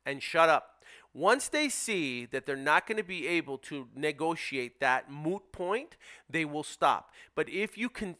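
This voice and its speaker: A man's voice: sing-song, moderate pace, bright, forceful tone. A man teaching real estate wholesaling, emphatic and direct, acting out lines to sellers. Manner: emphatic, role-plays seller scripts with dropping pitch. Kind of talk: instructional presentation.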